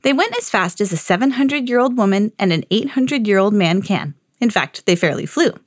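A woman reading a children's picture book aloud on her podcast in an expressive, sing-song storytelling way. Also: mid-range voice, brisk, dry recording, studio quality.

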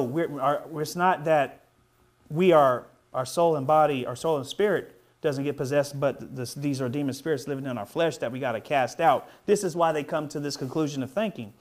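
High-voiced man preaching a fervent sermon. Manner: fervent call-and-response preaching with hallelujahs; ends in a soft, low closing prayer. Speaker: pastor.

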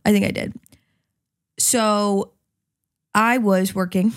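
A young woman co-hosts a loose, casual podcast, spinning a rambling anecdote full of swearing and giggles. Her voice sits at a middle pitch and is recorded close and dry. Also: fairly even intonation, takes it slowly, no room sound. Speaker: podcast co-host. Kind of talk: casual chat.

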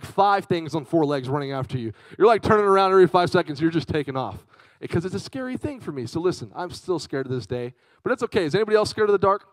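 Lively young man preaching to kids. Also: a little high, no echo. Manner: lively, chatty, calls out to the audience. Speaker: youth speaker. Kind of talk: youth sermon with personal storytelling.

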